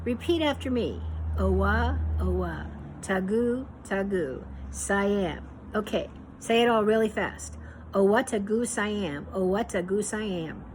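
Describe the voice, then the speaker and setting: A woman's voice: medium pitch, moderate pace, darkish tone, a little hiss or hum, natural voice. Prim teasing aunt, as a woman reads her. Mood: playful. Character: prim, doting middle-aged aunt, teasing.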